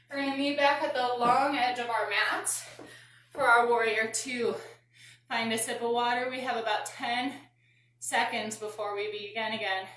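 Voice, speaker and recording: A woman with a slightly high, somewhat bright voice teaches a live workout class as a fitness and yoga instructor, giving counts and audible exhales while out of breath. A far-off mic picks her up in a very echoey room with faint background noise.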